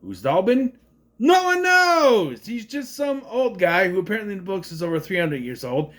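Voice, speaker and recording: A man in his thirties giving a rambling, sarcastic review of an animated film in a casual monologue. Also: high voice, fairly quick. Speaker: movie reviewer.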